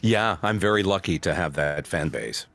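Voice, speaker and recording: A middle-aged male voice actor telling stories in a casual interview, snarky and animated. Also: sits low, normal speed, creaky. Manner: storytelling, animated. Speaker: voice actor guest.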